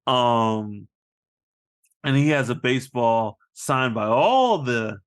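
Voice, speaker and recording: A man co-hosting a casual movie review podcast, animated and laughing often as he acts out scenes. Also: medium pitch, slow, clear, resonant tone. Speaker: podcast co-host.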